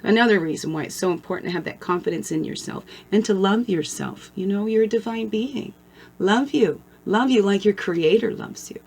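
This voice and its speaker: A woman's voice: medium pitch, fairly quick, darkish tone, husky. A woman hosting her own channel, giving a casual motivational talk to camera as a spiritual guide, conversational and blunt, often checking in with "right?". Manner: conversational, keeps asking "right?" for agreement; blunt and earthy, mixes swearing with spiritual talk.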